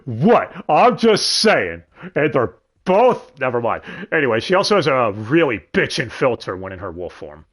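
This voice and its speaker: A man's voice: mid-range voice, sing-song, moderate pace, few pauses, fairly bright tone. A man co-hosting a casual podcast, talking animatedly about an anime dub, swearing freely and laughing often. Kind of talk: casual chat.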